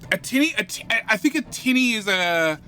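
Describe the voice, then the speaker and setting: A man's voice: sits high, animated, fairly quick, bright, forceful tone, soft background music. A man with an Australian accent chatting casually on a game live stream, rambling, repeating himself and muttering to himself while he plays and answers chat.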